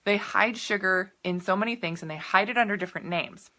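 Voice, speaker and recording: A woman's voice: medium pitch, fairly quick, pushed and bright. A woman nutrition coach talking casually on a live video, chatty and upbeat, laughing and drifting into tangents as she answers viewers' comments.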